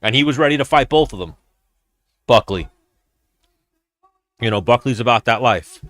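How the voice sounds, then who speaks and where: A man hosts a casual watch-along and talks to his viewers in a loose, rambling way, swearing freely as he goes. His voice sits at an ordinary male pitch. The sound is close and dry, with no room around it. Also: animated, normal speed, a bit bright, no echo. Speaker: host.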